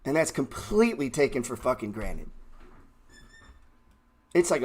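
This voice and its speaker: A man's voice: on the high side, very animated, measured pace, long pauses, fairly bright tone. A man hosting a trading livestream, ranting bluntly and swearing heatedly from his computer. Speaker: trading show host.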